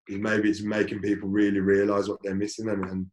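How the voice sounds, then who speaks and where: Low-voiced man in an echoey room. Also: fast talker. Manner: relaxed, conversational with slang. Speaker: DJ in a music collective. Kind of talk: casual conversation.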